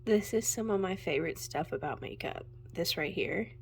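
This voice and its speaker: A young woman chatting casually at home as she shows her makeup, gushing and sometimes dropping into a soft whisper. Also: fairly low pitch, unhurried, hardly any pauses, a little hiss or hum. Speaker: makeup vlogger. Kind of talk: casual chat while swatching makeup. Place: home room with natural light.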